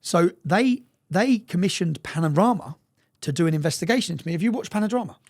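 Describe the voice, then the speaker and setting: In an interview, a man shares his story in a voice that sits high, animated and quick. He swears a lot, speaks emphatically, and keeps checking in with "yeah?"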